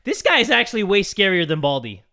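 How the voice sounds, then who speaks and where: A man doing excitable, swear-filled gameplay commentary as a gaming YouTuber. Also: sits high, fast, crowd noise. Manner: excitable, swears, yelps and shouts when startled. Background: game music.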